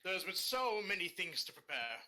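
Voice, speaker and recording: A man's voice: high-pitched, sing-song, moderate pace, sharp tone. A man playing a noble in a tabletop game, speaking in a formal, courtly way. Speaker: player.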